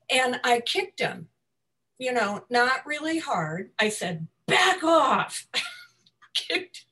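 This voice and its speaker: A woman with a voice on the high side tells a personal story during a group discussion. Her speech is full of fillers and restarts, with soft laughs between phrases.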